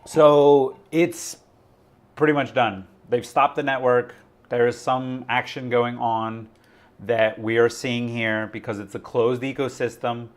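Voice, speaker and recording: A man's voice: medium pitch, steady tone, slow pace. A man hosting a crypto live stream, talking in a rambling, chatty way full of fillers. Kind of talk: casual live-stream chat.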